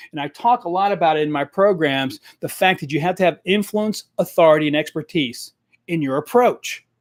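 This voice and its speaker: A man coaching salespeople in a live stream, talking straight into a desk microphone in a direct, energetic way and repeating his key points. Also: a little high, no echo, studio quality.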